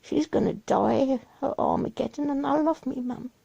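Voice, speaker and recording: A woman's voice: high-pitched, moderate pace, gravelly, mellow, breathy edge. A woman giving a rambling, worried confessional monologue about her family, repeating herself and restarting her sentences. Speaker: mother sharing her troubles.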